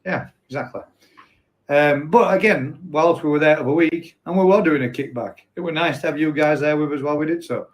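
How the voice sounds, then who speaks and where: A man's voice: on the high side, brisk. A man hosting a casual live stream, chatting and reading out viewer comments in a rambling, self-correcting way. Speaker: host.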